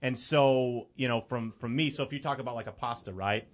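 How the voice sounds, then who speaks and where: A man's voice: mid-range voice, fairly quick. A young man from the Chicago area, a guest on a talk show, telling a personal story in an earnest, rambling way with many fillers.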